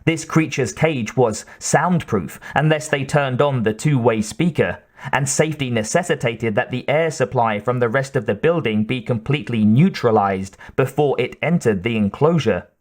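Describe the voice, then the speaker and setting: A man reading an audiobook in a measured, even scripted narration. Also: medium pitch.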